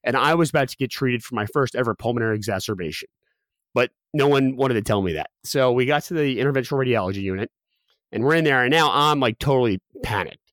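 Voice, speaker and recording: A man's voice: mid-range voice, fast talker, fairly bright tone, no echo, studio quality. A young man telling a personal story as a guest, candid and full of fillers and restarts.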